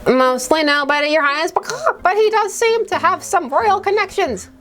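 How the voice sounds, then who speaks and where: Woman doing a squeaky fussy bird clerk. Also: lively intonation, normal speed, a bit bright, faint music behind. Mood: obsequious. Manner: high, sing-song, obsequious. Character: fussy beaked clerk creature, officious courtier.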